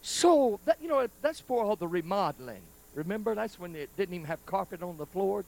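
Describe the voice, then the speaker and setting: High gravelly preacher guy telling a story in church, folksy, goes loud then drops way down quiet. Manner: dramatic, swinging from loud bursts to hushed, near-whispered asides; folksy, conversational, addresses the congregation directly. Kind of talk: storytelling sermon. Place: church sanctuary, live service.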